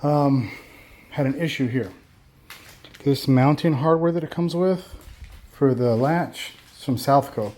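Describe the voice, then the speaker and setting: A man's voice: mid-range voice, a little slow, long pauses, a little mellow. A man hosting a casual install walkthrough and product review, rambling with frequent fillers and restarts. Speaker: channel host reviewing a bumper install.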